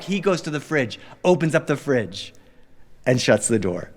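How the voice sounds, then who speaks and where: A man telling a family story to a live audience on stage with animated, rhythmic delivery. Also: medium pitch, a little slow, long reverb tail.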